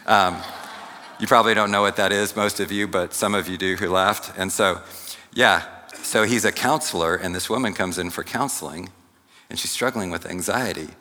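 A man preaching a sermon in a church hall, speaking slowly and deliberately and turning to the congregation with asides. His voice sits a little low but carries a bright, forceful edge. A long reverb trails each phrase. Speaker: pastor.

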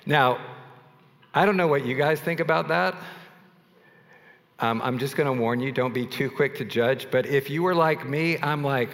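A male pastor preaching in a relaxed, conversational way, telling stories with self-deprecating asides. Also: medium pitch, normal speed, pauses often, long reverb tail. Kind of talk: sermon.

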